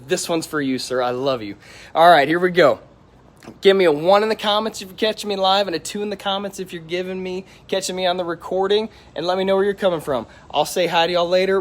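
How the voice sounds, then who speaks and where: A middle-aged man hosting a live stream, hyped and energetic, greeting viewers by name and repeating himself as he talks. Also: fairly high pitch. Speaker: auto detailer hosting a livestream.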